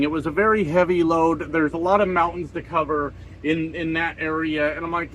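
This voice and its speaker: A man's voice: fairly high pitch, brisk, hardly any pauses, fairly bright tone, a little hiss or hum, low-quality recording. A trucker in his forties rants to a camera in his parked cab. He is profane, grumbling and sarcastic. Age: 40s. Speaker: trucker vlogger. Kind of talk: casual vlog rant. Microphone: camera set up in front of him.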